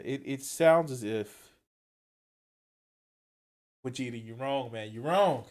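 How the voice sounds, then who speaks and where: A man reacting to clips on a live stream, blunt and profane, swinging from quiet mumbling to loud outbursts. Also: medium pitch, lively intonation, takes it slowly, long pauses. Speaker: commentary streamer.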